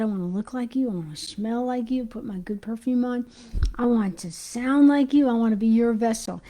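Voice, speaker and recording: A woman giving an informal Christian teaching, talking excitedly and chatting to her viewers while she hunts for her notes. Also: a little high, poor audio. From United States.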